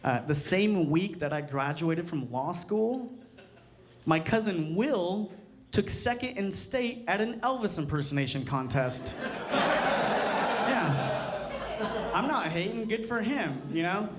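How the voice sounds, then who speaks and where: On a comedy club stage before a live audience, a stand-up comedian in his thirties performs a casual, profane set, tagging lines with "you know." His high voice is expressive, he takes it slowly with long pauses, and the live recording picks up crowd laughter.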